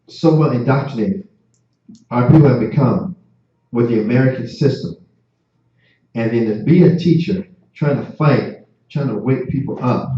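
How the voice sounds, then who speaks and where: A man's voice: mid-range voice, mellow. A man teaching a class like a sermon, impassioned and repetitive, often stammering and restarting. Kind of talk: street-preaching class sermon. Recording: distant, echoey, dull lo-fi.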